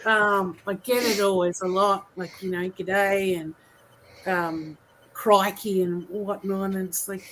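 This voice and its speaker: A woman's voice: mid-range voice, fairly even intonation, unhurried, noisy background. A woman with an Australian accent, a guest author chatting casually on a podcast and laughing easily.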